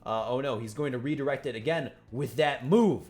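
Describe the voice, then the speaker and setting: A man hosting a casual reaction show, reading aloud and commenting in an excitable, profane way, with faint music behind him. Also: mid-range voice, fairly quick. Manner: excitable and profane, laughs along. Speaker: manga reaction host.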